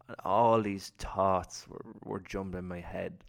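A man's voice: sits low, fairly even intonation, a little slow, gravelly, hardly any pauses. A man giving an earnest, reflective personal talk about self-belief, telling his story with acted-out inner thoughts. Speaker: self-development speaker.

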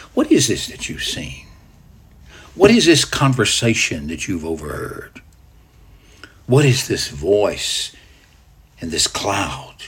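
A man preaching a sermon, drawing listeners into a scene he narrates as "you", moving from loud declarations to hushed tones. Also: on the low side, husky. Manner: dramatic guided storytelling, swinging from loud to hushed.

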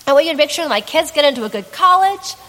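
A woman's voice: high-pitched, lively intonation, racing, a bit bright, in a large hall, voice pushed up. A woman preacher voicing an imagined blind man who hurriedly lists what he wants. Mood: hurried pleading. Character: imagined blind man listing worldly wishes, a grown man.

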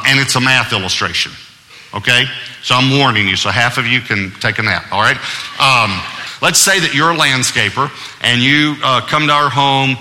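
A pastor delivers a sermon in a bright, forceful male voice, emphatic yet conversational, with touches of humor and deliberate pauses. His words ring out with a long reverb in a large church hall. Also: medium pitch.

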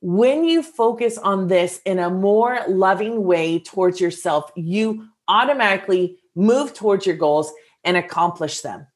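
A woman's voice: mid-range voice, animated, a little slow. A woman coach giving a casual, earnest motivational talk to her listeners, encouraging and full of filler words.

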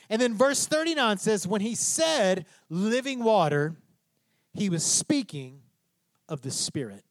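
A man preaching a sermon as pastor, telling the story with lively energy and acting out the quoted lines. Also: sits high, normal speed, no room sound. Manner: animated storytelling preacher, acts out quotes, asks "tracking?".

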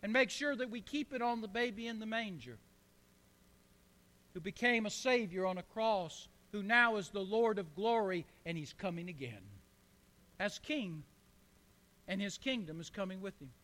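A man's voice: high voice, moderate pace, bright, forceful tone, long reverb tail. A man preaching a fervent sermon in church, calling on the congregation to answer back. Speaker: pastor.

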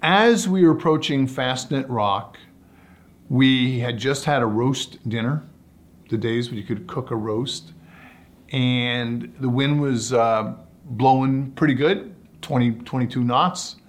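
A man tells long stories about ocean racing as an interview guest. His delivery is relaxed and anecdotal, and his voice sits at a mid pitch. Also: takes it slowly. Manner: relaxed anecdotal storytelling, acts out quotes. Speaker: guest, sailor and sailing commentator. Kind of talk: storytelling in a podcast interview.

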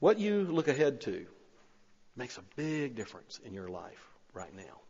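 A man preaching a sermon, telling a story with rising excitement and then pleading quietly and earnestly. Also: mid-range voice, moderate pace, slight background noise. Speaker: pastor. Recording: long-reverb hall, slightly dull sound.

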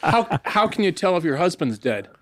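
A man reeling off jokes in a deadpan way during a casual chat. His voice sits a little high. The sound is close and dry. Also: a little fast, no room sound. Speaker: joke teller on a podcast.

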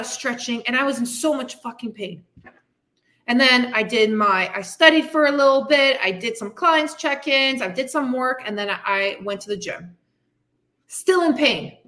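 A woman's voice: sits high, a bit bright. A woman fitness coach hosting her podcast, giving a blunt, frustrated, swearing tough-love pep talk. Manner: frustrated, venting. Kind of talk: candid motivational monologue.

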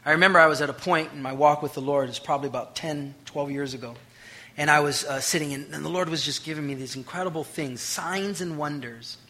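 A male pastor preaching a sermon, swinging between loud declarations and hushed, intimate lines and acting out the voices in his stories. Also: a little high, fast. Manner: acts out quoted voices.

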